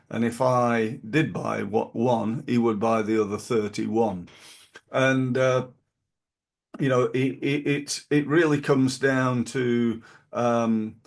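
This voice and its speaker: Middle-aged man, podcast host, gravelly, rambling delivery with fillers, mid pitch. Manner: rambling, many fillers and restarts. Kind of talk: casual advice talk.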